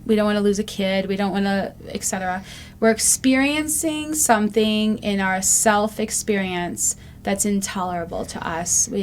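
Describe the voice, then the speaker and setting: A woman's voice: medium pitch, slight background noise. A woman in her fifties hosting a recovery show, talking reflectively and earnestly with frequent ums. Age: 50s. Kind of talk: casual talk-show monologue.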